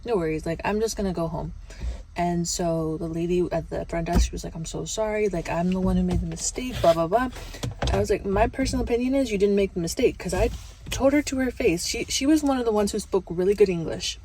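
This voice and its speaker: A woman's voice: lowish voice, brisk, warm tone, slight background noise, low-quality recording. A young woman vlogger telling a casual, chatty story full of fillers and quoted back-and-forth.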